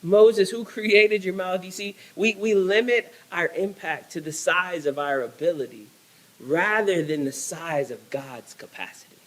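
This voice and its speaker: A man's voice: a little high, lively intonation, a little slow, fairly bright tone, rough recording. A male pastor preaching a sermon, emphatic and repetitive, restarting phrases as he builds.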